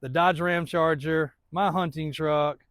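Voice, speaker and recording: A man's voice: fairly high pitch, fairly even intonation, unhurried, fairly bright tone, dry recording. A man in his thirties, a truck shop owner, rambling through a casual walkaround update of his lot, laughing often.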